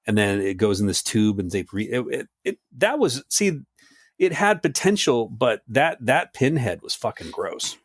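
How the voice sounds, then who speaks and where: Man, podcast co-host, dry wry remarks, mid pitch, close dead-sounding mic. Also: sing-song, moderate pace, no echo. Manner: dry, wry, drops pitch on short reactions. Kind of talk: casual chat.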